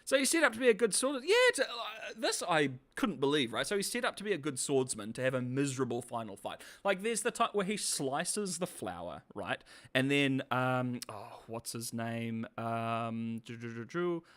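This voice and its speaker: A man giving casual, sarcastic commentary as a video reviewer, laughing often and animated. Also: mid-range voice, normal speed, hardly any pauses.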